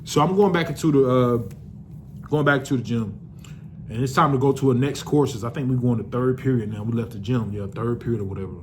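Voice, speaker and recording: A man's voice: medium pitch, a little fast, a little mellow, a little hiss or hum. A young man casually telling a personal story to the camera, loose and profane, with lots of restarts.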